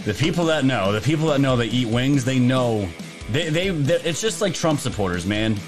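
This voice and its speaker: A man's voice: mid-range voice, animated, normal speed. A man hosting a casual political livestream, rambling and jokey, with plenty of filler words. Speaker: livestream host. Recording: music playing underneath.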